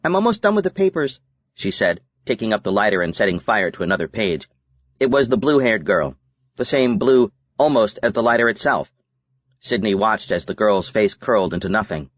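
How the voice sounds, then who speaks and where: A man narrating a novel as an audiobook in a measured, even reading. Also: lowish voice, dry recording. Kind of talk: scripted narration.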